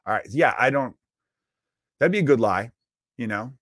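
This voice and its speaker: A man hosting a comedy podcast, rambling in a casual monologue, cursing freely and bursting into loud acted-out voices, speaking close to the mic. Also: mid-range voice, expressive, normal speed, dry recording.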